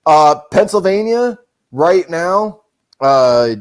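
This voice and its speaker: Profane animated man reading election numbers. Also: high-pitched, slow pace, clear, resonant tone. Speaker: livestream host. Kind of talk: casual political commentary.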